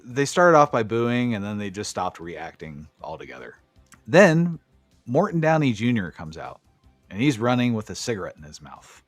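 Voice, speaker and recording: A man's voice: fairly low pitch, sing-song, normal speed, dry recording, faint music behind. A man co-hosting a podcast, recapping wrestling matches in a casual, profane, enthusiastic play-by-play way. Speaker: podcast co-host.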